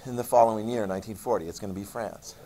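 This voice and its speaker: A man teaching a history class, lecturing in an animated way and quizzing students. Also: fairly low pitch, rapid-fire. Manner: animated, acts out countries in jokey voices; asks the class questions.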